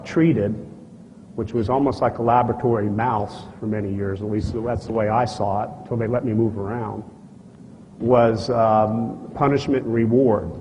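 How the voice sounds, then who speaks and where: A man of average pitch tells a personal story at a conference, blunt and folksy, acting out the exchanges and clearing his throat now and then. His voice rings with the long reverb of a large hall. A faint hiss sits under this archival recording. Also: muffled recording. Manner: animated storyteller who acts out dialogue and gestures; blunt and folksy, with frequent asides to the audience. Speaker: speaker at a conference. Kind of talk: live lecture, personal storytelling. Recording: archival talk, echoey hall, faint noise.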